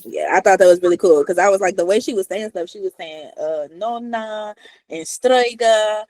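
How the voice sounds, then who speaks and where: A woman chatting about a book over a video call, playful and quick to comment. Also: fairly low pitch, warm tone, dry recording, rough recording. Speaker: book club member. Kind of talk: casual chat.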